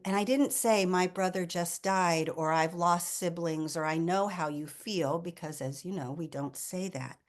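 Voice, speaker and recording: A woman in her fifties, a hospice nurse, telling her own grief story in an earnest, emotional way, often restarting sentences and dropping to a near whisper. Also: mid-range voice. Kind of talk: personal talk on grief.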